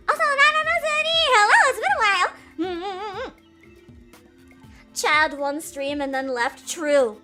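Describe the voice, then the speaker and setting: A woman's voice: high voice, pushed and bright. A woman streaming live as a VTuber, hyper and giggly, chatting casually, swearing freely and greeting viewers by name.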